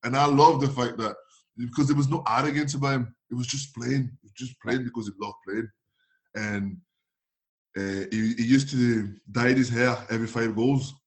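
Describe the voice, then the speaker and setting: A lively man with as his spins football stories in a casual interview. He laughs often, slips into voices for the people he quotes, and his pitch sits in an ordinary middle range. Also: moderate pace. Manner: animated, laughing often, acting out others' voices. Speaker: former footballer guest.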